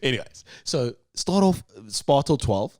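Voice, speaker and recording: A man co-hosting a podcast, chatty and animated, restarting his sentences as he thinks aloud. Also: medium pitch, a little slow, no echo, clean studio sound. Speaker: podcast co-host. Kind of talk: casual banter.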